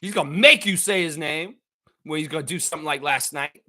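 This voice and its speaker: High, bright man ranting. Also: fairly quick. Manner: heated, profane, ranting, often shouting. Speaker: sports show host. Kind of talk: casual fan rant.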